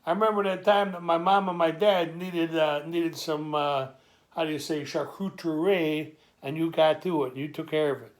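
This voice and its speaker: A man's voice: fairly high pitch, fairly even intonation, normal speed, natural voice. A man quoting his loyal old buddy, who talks effusively and fumbles for words. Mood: grateful.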